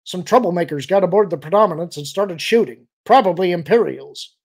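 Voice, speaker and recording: A man's voice: sits high, brisk, vocal fry, darkish tone, pitched above the performer's own voice. A man reading an audiobook, voicing a brash, impatient male starship pilot who growls and snaps his lines.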